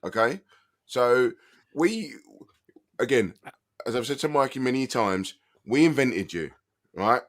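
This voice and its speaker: A man's voice: mid-range voice, animated, unhurried, long pauses, fairly bright tone. Stammering English man, casual banter. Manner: stammering, laughing, emphatic. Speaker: co-host.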